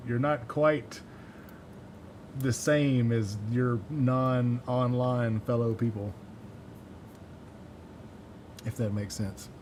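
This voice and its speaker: A man's voice: medium pitch, steady tone, takes it slowly, a little mellow, slight background noise. A man from Mississippi with a mild Southern accent, chatting casually on a livestream while he builds electronics, rambling and chuckling at himself. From Mississippi, USA. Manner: rambling, chuckling, self-deprecating. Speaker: livestreamer building a synth module.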